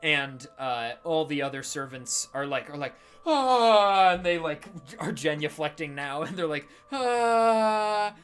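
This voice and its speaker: A man's voice: a little high, fairly even intonation, normal speed, hardly any pauses, sharp tone, soft background music. A man narrating a tabletop game as game master, in a casual, loose way with many fillers.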